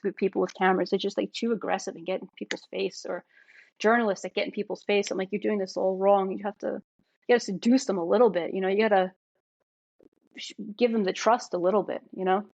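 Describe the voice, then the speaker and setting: A woman with a New York accent, a filmmaker talking as a podcast guest, emphatic and animated, often checking in with "right?". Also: mid-range voice, quick pace, gravelly, dry recording, lo-fi sound. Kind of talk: casual podcast conversation.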